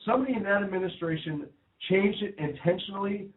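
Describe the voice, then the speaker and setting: A man's voice: high-pitched, fast talker. A man co-hosting a political talk radio show, opinionated and emphatic, laughing now and then. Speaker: co-host. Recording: tinny phone-like audio.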